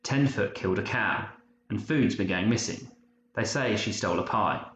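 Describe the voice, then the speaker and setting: A man's voice: on the low side, moderate pace, a bit bright, close to an everyday voice. A man voicing a frightened, loyal young boy who talks in urgent, breathless bursts. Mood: distraught. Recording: muffled roomy recording, faint hiss.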